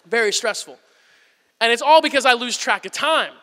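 A man in his thirties, a pastor, preaches with a very high, bright, forceful voice. He tells stories at a quick clip, acting them out as he goes. His voice rings with the long reverb of a large hall. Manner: animated storytelling, acts out whisper-yelling. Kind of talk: sermon.

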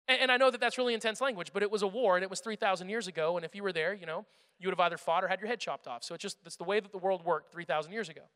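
Young preacher guy, lively storytelling, bright voice, big echoey church. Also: sits high, very fast. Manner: energetic storytelling, shifts between loud and hushed. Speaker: pastor. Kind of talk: sermon. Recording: echoey hall.

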